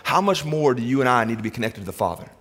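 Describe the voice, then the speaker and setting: In a church sanctuary, a middle-aged pastor preaches a sermon in an animated, conversational way, swinging between loud excitement and hushed softness. His mid-range voice comes rapid-fire, and the room leaves a long reverb tail.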